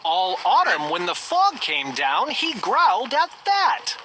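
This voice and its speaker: A narrator reading a children's storybook aloud in a slow, expressive manner. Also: mid-range voice, slight background noise, low-quality recording.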